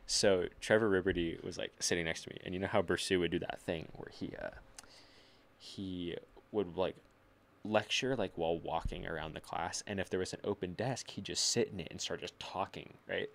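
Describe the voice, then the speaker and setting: Very low-voiced young man telling stories. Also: normal speed, creaky. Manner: storytelling, lots of filler "like", swearing. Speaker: podcast guest. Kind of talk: casual chat. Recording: live podcast.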